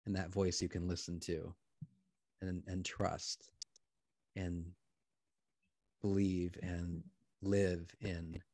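A man who is a priest, hosting a live prayer program over a video call and answering participants in a gentle, affirming, reflective way. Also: low-pitched, little pitch movement, takes it slowly, long pauses, no room sound. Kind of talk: pastoral conversation.

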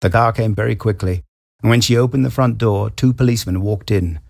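A man reading a short story aloud in a measured, wry storytelling manner. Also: fairly low pitch, creaky, darkish tone, dry recording, studio quality. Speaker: story reader.

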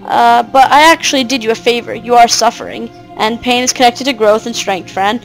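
A woman's voice: on the high side, fairly quick, creaky, soft background music, low-quality recording. Woman reading as a smug old doctor. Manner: smug, lecturing. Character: old male asylum doctor, smug and manipulative.

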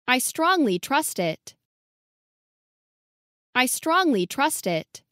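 A woman with a high, bright voice reads short practice phrases in a deliberate, unhurried way. Her pitch moves expressively, and every word is carefully enunciated. The sound is close and dry, with no room around it. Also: big pitch swings, no room sound. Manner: clear, careful enunciation, each phrase said twice. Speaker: English model reader. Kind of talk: slow repeated phrase reading for learners.

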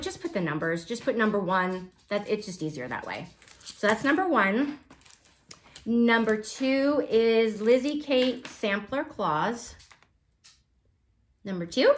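A woman's voice: fairly high pitch, a little hiss or hum. Chatty woman vlogging about cross-stitch. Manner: chatty, rambling, laughs often. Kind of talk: casual chat to viewers.

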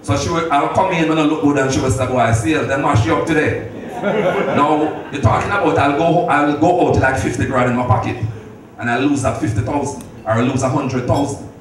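A man's voice: fairly high pitch, a little fast. A middle-aged man giving a heartfelt birthday speech, telling stories with laughter and a preacherly ring. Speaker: speaker at a birthday celebration. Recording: echoey hall from far off, noisy.

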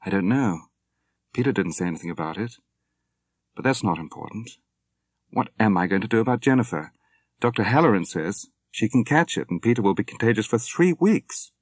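A man voicing an anxious young wife and mother who speaks softly and worriedly, in an audiobook reading. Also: lowish voice, expressive, brisk, dry recording, clean studio sound. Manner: soft, worried.

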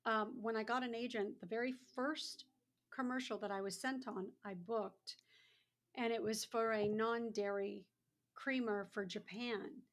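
A woman in her sixties tells stories as a podcast guest, her voice a little high. She talks casually and animatedly, slipping into the voices of the people she quotes. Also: a little slow. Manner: animated, acts out other people's lines. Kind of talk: casual storytelling.

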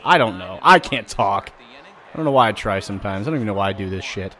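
A man hosting a gaming channel, giving loud, vulgar, excitable commentary while he plays. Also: on the low side, quick pace. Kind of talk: let's play commentary.

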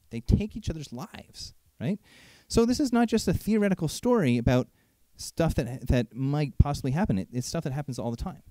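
A man preaching in an animated, chatty way, leaning on rhetorical questions to pull the congregation in. His voice sits high for a man and swoops all over the place. The sound is dry and close. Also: no echo. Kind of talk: sermon.

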